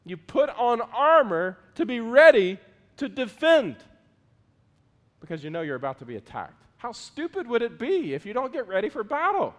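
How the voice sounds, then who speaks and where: A man preaching a sermon as pastor, earnest, moving between loud pleading prayers and quiet asides. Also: extremely high pitch, huge pitch swings, moderate pace. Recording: long hall reverb.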